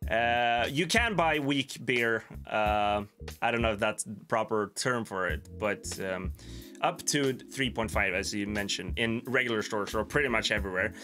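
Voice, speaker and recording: A man's voice: on the low side, bright, forceful tone. A young Swedish man with a Swedish accent, hosting a casual livestream, rambling and chuckling at his own jokes while he answers viewers. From Sweden. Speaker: livestream host. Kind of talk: casual livestream chat reading viewer comments.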